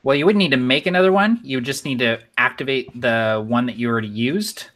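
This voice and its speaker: A man's voice: medium pitch, a little fast, fairly bright tone. A man running a tabletop game as game master, narrating scenes with enthusiasm and tossing in self-deprecating jokes.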